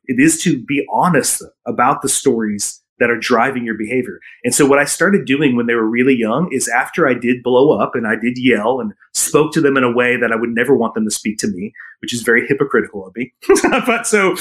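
Middle-aged male coach guest, earnest storyteller, average pitch. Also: a bit bright. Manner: earnest storytelling with frequent laughs. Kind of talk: casual interview chat.

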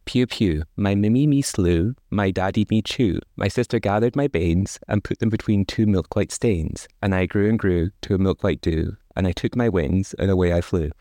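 A man's voice: low voice, normal speed, few pauses, warm tone, no room sound, studio quality, natural voice. A man reading the chanted rhyme of a small magic dove in a fairy tale, in a sing-song, rhythmic way. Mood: chanting.

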